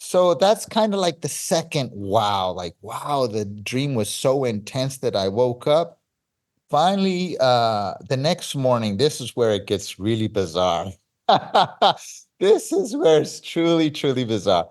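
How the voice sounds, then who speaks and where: A man, telling a story as an interview guest with excited, stop-start energy. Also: mid-range voice, measured pace. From Cyprus. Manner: animated, excitable, with frequent restarts and laughs.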